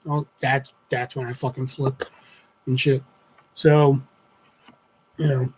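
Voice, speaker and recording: A man's voice: mid-range voice, flat delivery, takes it slowly, breathy edge, low-quality recording. A young man streaming live, telling a long personal story in a rambling, casual way, swearing freely and full of fillers. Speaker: livestreamer.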